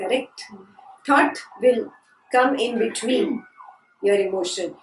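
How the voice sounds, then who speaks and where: A woman's voice: on the high side, a little hiss or hum. A woman teaching a scripture class, asking her students questions and repeating key phrases. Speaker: spiritual teacher. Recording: echoey room from a distance.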